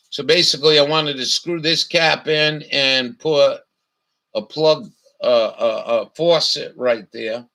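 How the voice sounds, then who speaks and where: A man's voice: fairly high pitch, steady tone, a little slow, sharp tone. A man from telling a profane, ranting story as a vlogger. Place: camper.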